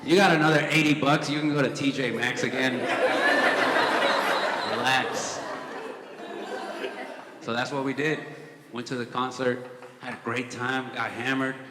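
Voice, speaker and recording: A man's voice: medium pitch, fairly even intonation, unhurried, long pauses, a crowd in the background, background noise. Profane, dry-witted man doing stand-up. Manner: casual, profane storytelling with dry asides. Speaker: stand-up comedian. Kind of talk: stand-up comedy set. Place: comedy club stage before a live audience. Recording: echoey hall with audience laughter.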